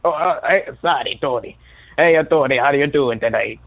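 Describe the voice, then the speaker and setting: A man's voice: medium pitch, fairly quick. A man calling into a talk show, telling a story with many hesitations. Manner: hesitant, filler-heavy storytelling. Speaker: caller. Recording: tinny phone-line audio.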